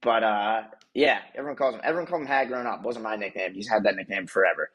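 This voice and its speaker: A young man with a husky, slightly low voice co-hosts a casual podcast. He rambles through a story, corrects himself often and laughs at his own embarrassment. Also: quick pace, fairly bright tone, highs cut off. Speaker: podcast co-host.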